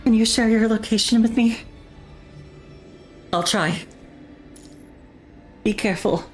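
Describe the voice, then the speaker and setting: A woman raises her voice into a steady young android soldier for a game scene. She sounds calm and earnest, her tone lifted well above her usual register. Faint game music plays underneath. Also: a little high, voice pushed up. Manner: measured, earnest reading of game lines.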